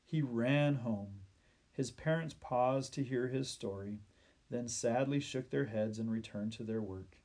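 A male storyteller reads a children's tale at a gentle, measured pace. He lets the sad moments slow and soften. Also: medium pitch. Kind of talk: children's Bible story reading.

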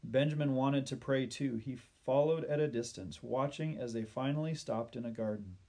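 Man gently reading a children's story. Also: mid-range voice, moderate pace.

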